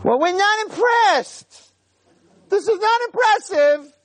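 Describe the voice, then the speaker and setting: A man voicing a loud, pushy old Jewish lady tourist who shouts her complaints. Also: extremely high pitch, lively intonation, slow pace, pitched above the performer's own voice, heavily acted. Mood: shrill complaining.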